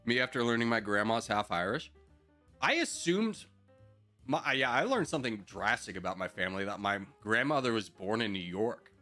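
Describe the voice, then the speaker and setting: Role: bright-voiced joking male game streamer. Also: fairly low pitch, expressive, normal speed, faint music behind. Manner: joking mock rants, frequent laughs. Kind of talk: live game-stream commentary.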